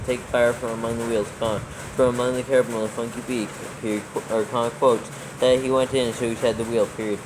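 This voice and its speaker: A man proofreading scripture aloud, reading it fast and speaking every punctuation mark, stumbling now and then. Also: mid-range voice, noisy background. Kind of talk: dictating text with punctuation.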